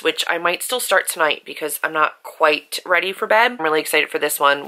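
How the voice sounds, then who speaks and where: A young woman talks straight to her camera in a casual book vlog, gushing and getting emotional about what she reads. Her voice sits a little low but has a bright, forceful edge to it. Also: slight background noise, rough recording. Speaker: book vlogger. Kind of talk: casual late-night vlog.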